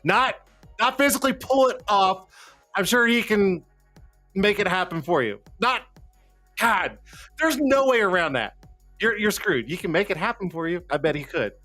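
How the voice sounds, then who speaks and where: A slightly high-voiced man hosting a live stream, rambling freely and swearing as he goes. He sounds a bit out of breath. Faint background music plays under his voice. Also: expressive, normal speed, pushed and bright, dry recording. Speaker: livestream show host. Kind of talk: casual live-stream chat.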